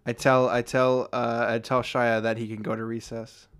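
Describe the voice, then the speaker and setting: A man's voice: mid-range voice, flat delivery, moderate pace, smooth. A young man co-hosting a comedy podcast, playing along in an improv bit with stumbling restarts and frequent laughter. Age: young adult. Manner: hesitant, giggly, stumbling restarts. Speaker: podcast co-host. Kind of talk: casual improv chat.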